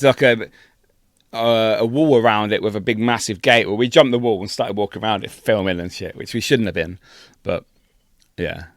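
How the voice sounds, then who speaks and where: A man co-hosting a podcast, telling a travel story in a sweary, laughing, animated way. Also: fairly low pitch, no echo, clean studio sound. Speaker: podcast co-host. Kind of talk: casual storytelling chat.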